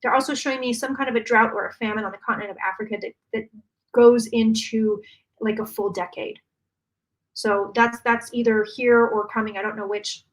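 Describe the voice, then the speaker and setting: A woman psychic channeling predictions live, talking fast and emphatically with many restarts. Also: on the high side, steady tone.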